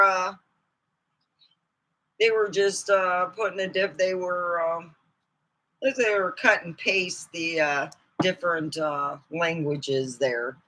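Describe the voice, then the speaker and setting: A woman vlogger chats casually and rambles from thought to thought, laughing along. Her voice is bright and sharp. She talks at an unhurried pace. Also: medium pitch, poor audio. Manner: rambling, chatty, laughs often. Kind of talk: casual chat.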